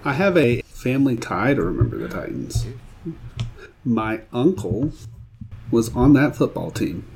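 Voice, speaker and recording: A man's voice: medium pitch, very animated, a little slow, gravelly, darkish tone, a little hiss or hum. A man chatting on a podcast, laid-back and a little hesitant. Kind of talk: casual chat.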